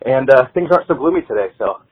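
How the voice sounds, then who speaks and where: A man phones in to the show, talking in a loose, excited ramble while still catching his breath. His voice comes through husky and tinny, squeezed down by the phone line. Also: medium pitch, fast talker. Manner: rambling, excited fan talk. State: a little out of breath. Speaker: caller.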